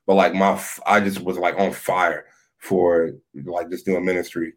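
A man with a very deep, low voice talks casually on a podcast as a guest. He tells his story in a loose, relaxed way, leaning on filler words as he goes. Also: a little slow. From Philadelphia area. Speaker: podcast guest, youth minister.

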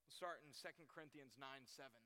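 Bright-voiced man preaching in a hall. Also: medium pitch, a little fast. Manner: preaching, repeats key lines for emphasis. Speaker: pastor. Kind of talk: sermon.

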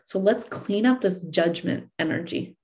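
A relationship coach with a mid-range, darkish voice gives listeners an earnest talk at a measured pace. She repeats and rephrases her points and acts out angry partners.

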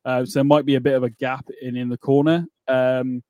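Man, podcast host, easygoing casual chat, mid pitch, dry close mic. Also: flat delivery, fairly quick, a little mellow, no room sound. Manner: easygoing, laughs often, says "mate".

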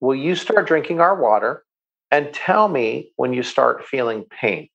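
A man's voice: mid-range voice, gravelly, fairly bright tone, dull audio. A man being interviewed, talking with enthusiasm and often repeating words as he starts a sentence. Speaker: guest. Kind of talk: interview answers, storytelling.

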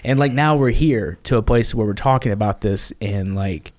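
Low-voiced guy on a podcast, earnest, kinda halting, keeps restarting, sounds worn out. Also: darkish tone. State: tired. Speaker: podcast guest. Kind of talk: candid conversation.

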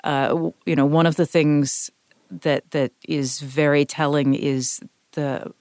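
A woman's voice: low-pitched, little pitch movement, takes it slowly, darkish tone, no echo, clean studio sound. A woman from the US South, co-hosting a podcast and explaining writing craft thoughtfully, with frequent restarts. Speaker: podcast co-host, writing teacher. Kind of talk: casual discussion.

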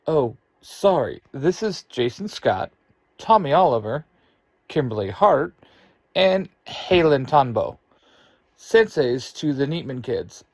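A man's voice: mid-range voice, a little mellow, dry recording. A man narrating his own fan story aloud and reading every character's lines in his own voice.

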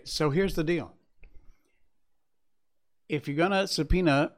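Casting note: male commentary host, mid-pitched, sarcastic and combative, muttered low asides between headlines. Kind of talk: opinionated news commentary.

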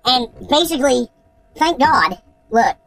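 A woman, excitedly telling a profane story in casual podcast chat. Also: sits high, unhurried, dry recording, low-quality recording. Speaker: podcast host.

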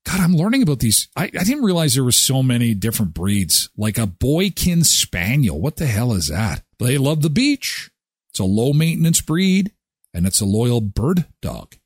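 Jokey morning-show host; husky voice, lively pitch, dry close sound. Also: male voice, moderate pace, no echo. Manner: jokey, animated, talks to his dog. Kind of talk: casual chat.

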